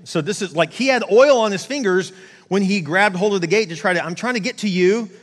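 A man's voice: high-pitched, brisk. A man preaching a sermon in a casual, conversational way, often restarting and acting out quotes in asides. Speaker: pastor. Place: large church hall. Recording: long hall reverb.

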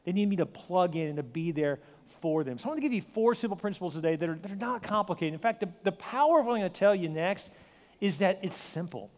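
Male pastor, forties, quick high voice, joking sermon in a reverberant church. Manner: energetic storytelling with acted voices and self-deprecating humor. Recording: long hall reverb.

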